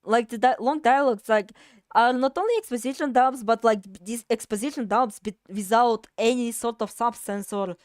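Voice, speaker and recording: A woman's voice: a little high, normal speed, dry recording, clean studio sound. A woman streaming a game, chatting casually in rambling talk with many fillers and frequent swearing.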